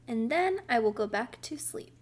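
A fretful, fussy wife from a children's storybook, as a woman reader puts her on. Her voice rides high and carries, anxious and emphatic. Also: lively intonation, moderate pace. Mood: determined.

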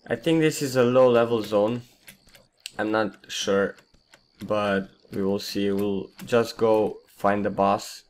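A man hosting a casual gameplay commentary, his voice partly lost, rambling and trailing off quietly. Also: fairly low pitch, steady tone, slow, a little hiss or hum. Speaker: gaming channel host.

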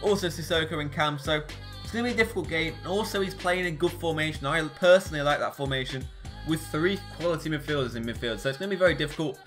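A young man commentating live on his own football video game matches, excitable and swinging between groans and shouts. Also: fairly high pitch, fast, soft background music. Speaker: gaming YouTuber.

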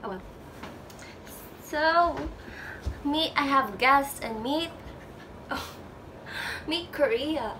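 A woman DJ reacting to a music video in a casual vlog, gushing with excited exclamations. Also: high voice, very slow, pauses often, a little hiss or hum, poor audio. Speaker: DJ and reaction vlogger. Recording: music video playing loudly behind the voice. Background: music video playing.

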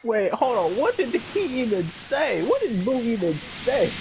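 A man's voice: very high-pitched, sing-song, moderate pace, darkish tone, slight background noise, rough recording. A man playing a video game with friends, giggling and stammering through repeated words. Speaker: gamer on a let's play channel. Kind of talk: casual gaming banter.

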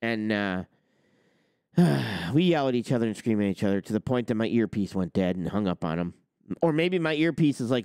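A man's voice: on the low side, animated, moderate pace, a little mellow, smooth, no room sound, clean studio sound. Sarcastic ranting man, swings up and down. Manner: heated, sarcastic, swears, mocks others in put-on quotes. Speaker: trucking channel host. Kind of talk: ranting opinion monologue.

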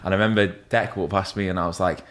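A man's voice: sits low, fast talker. A man telling stories in casual podcast chat, swearing often and mimicking other people. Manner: animated, swearing, acts out other voices in anecdotes. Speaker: podcast guest, tattoo artist.

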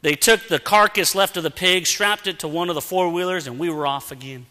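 Male preacher, lively storyteller, high bright tone, long hall echo. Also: a little fast. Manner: animated, acts out sounds and dialogue. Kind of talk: storytelling sermon. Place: church sanctuary. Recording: long church-hall reverb.

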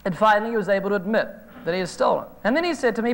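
High-voiced man preaching a sermon. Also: normal speed, vocal fry, long pauses, heavy background noise. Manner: storytelling, animated retelling of phone calls. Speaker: evangelist preacher. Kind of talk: sermon with anecdotes. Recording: hall reverb from an old videotape.

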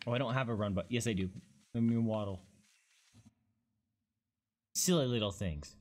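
A man streaming a video game in casual let's-play commentary, gushing and excitable, squealing and swearing as he plays. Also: on the low side, normal speed, long pauses. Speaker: gaming streamer.

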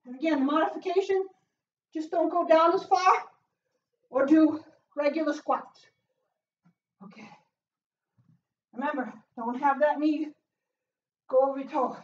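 A woman leading a home workout as a fitness instructor, cheering with loud whoops and getting out of breath as she exercises. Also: sits high, unhurried, pauses often. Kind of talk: live workout coaching. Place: small closed room at home. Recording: roomy, distant, dull sound.

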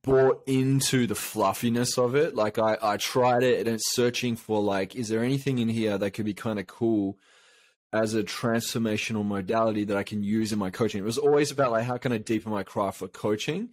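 A man's voice: lowish voice, fairly even intonation, fairly quick, no echo. A man from Australia, a coach, telling a long personal story in a casual interview, rambling with many fillers and restarts. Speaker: guest, coach.

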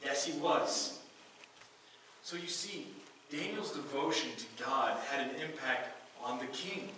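A man preaching in a church sanctuary, his voice bright and forceful as he talks through the lesson and often stumbles over his restarts. The sound is very roomy and echoing, picked up from some distance away from the mic. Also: mid-range voice, expressive, unhurried, slight background noise. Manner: conversational preaching with frequent restarts. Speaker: pastor. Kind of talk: sermon. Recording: echoey room, voice from a distance.

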